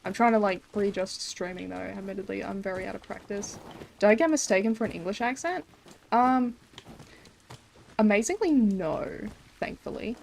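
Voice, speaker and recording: A woman's voice: medium pitch, normal speed, creaky, darkish tone. Young australian woman, game streamer, rambling casual chat, swears a lot, faint background hiss. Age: young adult. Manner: rambling, swears freely, many fillers.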